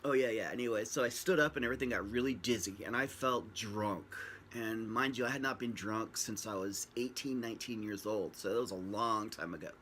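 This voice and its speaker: Rambling man with a low voice. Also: fairly quick, fairly bright tone, slight background noise. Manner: rambling, joking, acts out quoted dialogue. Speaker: vlogger telling his own story. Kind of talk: casual storytelling to camera. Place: at home, facing a screen camera. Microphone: built-in camera mic.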